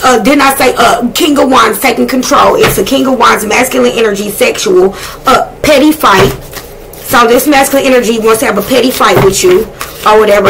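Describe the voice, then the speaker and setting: A woman giving a casual tarot reading, blunt and excitable, swearing freely as she talks to spirit. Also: fairly high pitch, vocal fry, background noise. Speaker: tarot reader.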